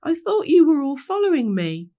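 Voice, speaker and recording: A woman's voice: sits high, very animated, moderate pace, mellow, voice pushed up. A woman voicing a bossy, impatient boy hedgehog who leads his siblings in a storybook. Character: bossy boy hedgehog leader, older brother.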